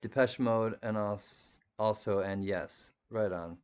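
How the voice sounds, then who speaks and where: Fairly low in pitch, steady, darkish, and clean, this man's voice moves at a slow pace. He hosts a live stream, reading viewers' comments in a loose, rambling chat. He laughs often and frequently starts over.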